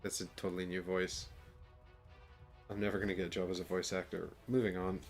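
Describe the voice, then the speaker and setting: A man's voice: deep voice, level tone, a little fast, faint music behind. A man streaming a board game, chatting casually and self-deprecatingly while reading the game text aloud.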